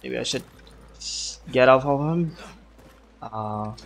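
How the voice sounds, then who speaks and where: A man's voice: mid-range voice, takes it slowly, vocal fry, a little hiss or hum. A man giving casual gameplay commentary, chatty and muttering to himself, swearing often, and putting on an accent for fun. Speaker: gaming video creator.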